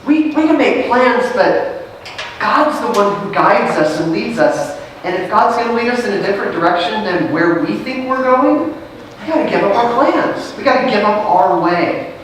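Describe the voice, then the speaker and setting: A woman's voice: medium pitch, animated, normal speed, distant mic, a little hiss or hum. Female pastor preaching in an echoey sanctuary. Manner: reads scripture aloud, then explains it in a conversational way with rhetorical questions. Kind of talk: sermon. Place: church sanctuary. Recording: very echoey sanctuary, picked up from afar.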